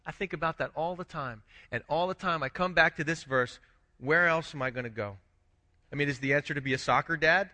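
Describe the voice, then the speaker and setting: A man pastor delivers a sermon in a talky, questioning way. His voice sits high and sounds sharp and bright. A long reverb from the church hall follows each phrase. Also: fast, hardly any pauses. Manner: conversational preaching, frequent restarts, rhetorical questions.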